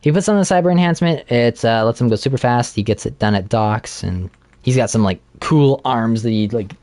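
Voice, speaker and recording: A man co-hosting a casual podcast, chatting while playing a game and retelling a plot with animated laughter. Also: mid-range voice, brisk, no echo. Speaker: podcast co-host.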